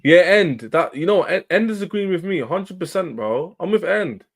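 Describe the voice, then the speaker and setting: A man's voice: high voice, expressive, moderate pace. A man hosting a football livestream, talking casually and animatedly to his chat in slang. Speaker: football channel livestream host.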